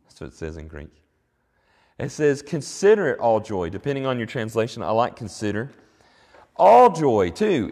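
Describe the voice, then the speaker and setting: A man's voice: mid-range voice, a little mellow. A man preaching a sermon in an earnest, reflective way, often restarting his sentences. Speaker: pastor. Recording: long hall reverb.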